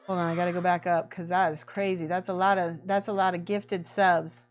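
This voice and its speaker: A woman's voice: on the low side, little pitch movement, a little fast, faint music behind. Chatty woman streaming as she paints. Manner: chatty and effusive, thanking viewers by name. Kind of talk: casual livestream chat while painting.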